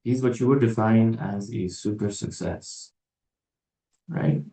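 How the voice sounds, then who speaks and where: A man with a low, mellow voice gives a casual religious talk, thinking aloud and slipping in dry, sarcastic remarks. He sits back from the microphone, and the room adds a noticeable echo. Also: fairly even intonation, slow pace. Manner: musing, digressive, with wry sarcastic asides. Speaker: religious teacher. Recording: roomy echo, distant from mic.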